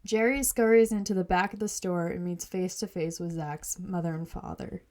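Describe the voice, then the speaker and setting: A woman's voice: lowish voice, steady tone, normal speed, darkish tone. A woman hosting a podcast, reading her own fantasy story aloud with a playful, teasing manner.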